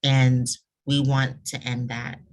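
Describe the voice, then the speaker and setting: A woman's voice: extremely low pitch, flat delivery, slow pace, poor audio. A woman moderating a webinar panel on a video call, speaking in a casual, affirming way. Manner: warm, affirming, casual with fillers.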